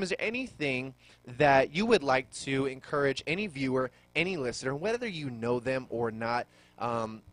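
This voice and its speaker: A man hosting a live radio talk show, teasing his guest playfully and using lots of um and uh. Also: medium pitch. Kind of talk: casual banter on live radio.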